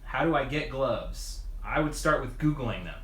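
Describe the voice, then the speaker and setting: A man's voice: medium pitch, animated, normal speed, fairly bright tone. A man chatting casually on a live stream while working on his bike, rambling with lots of fillers and restarts and chuckling often. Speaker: mountain bike video creator answering live chat. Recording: echoey room sound.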